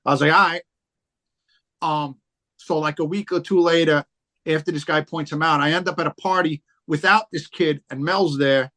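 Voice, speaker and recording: A man's voice: a little high, fairly even intonation, normal speed, a bit bright. A man, a guest on a casual chat show, telling rambling stories full of fillers and swearing. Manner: rambling, profane storytelling with many fillers. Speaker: podcast guest, rapper.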